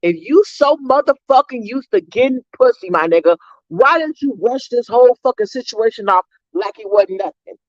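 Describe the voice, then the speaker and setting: A woman delivering a heated, profane commentary rant straight to her viewers, talking fast and cutting herself off. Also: fairly high pitch, expressive, no room sound. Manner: heated, profane, rapid-fire ranting. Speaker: commentary vlogger. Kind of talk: ranting commentary vlog. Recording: dull lo-fi dry recording.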